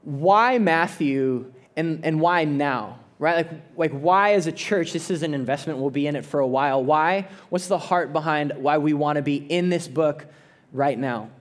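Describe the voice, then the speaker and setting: Guy pastor preaching, kinda high voice, earnest and chatty, lots of restarts. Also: moderate pace. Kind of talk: sermon.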